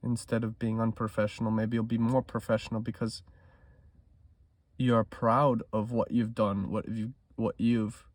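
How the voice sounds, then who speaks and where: Guy ranting to himself about trading, lots of swearing, goes loud then quiet, dry sound. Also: on the low side, level tone, a little slow, no room sound. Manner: profane, emphatic, swings between loud and hushed. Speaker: trading vlogger. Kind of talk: intense self-talk monologue.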